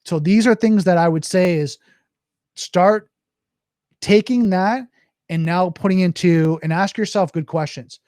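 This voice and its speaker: A man's voice: sits high, unhurried, darkish tone, no room sound, clean studio sound. A man hosting a podcast, rambling casually and answering viewer questions. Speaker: podcast host. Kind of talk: casual livestream podcast talk. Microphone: podcast mic.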